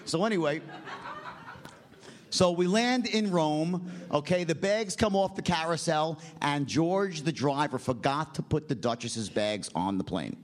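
A middle-aged man telling a long personal story in a casual, rambling, profane way, often tagging lines with "right?" and jumping up in pitch when he quotes people. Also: measured pace. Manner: animated, jumps in pitch when quoting people. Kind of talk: casual spoken anecdote.

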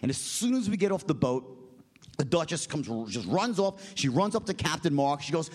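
A middle-aged man telling a long personal story in a casual, rambling, profane way, often tagging lines with "right?" and jumping up in pitch when he quotes people. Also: normal speed. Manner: animated, jumps in pitch when quoting people. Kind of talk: casual spoken anecdote.

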